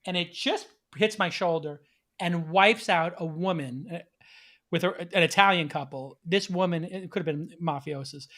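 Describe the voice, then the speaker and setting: A man hosting a podcast, telling a casual story in an animated way, laughing now and then. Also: a little high, moderate pace. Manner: animated, laughs between lines. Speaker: podcast host.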